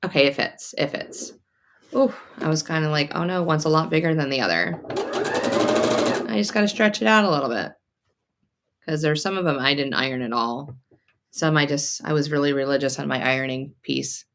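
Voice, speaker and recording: With a deep voice and a slightly fast pace, a woman works on her sewing during a casual live stream. She reads viewer comments aloud and thinks out loud, using many fillers and restarts.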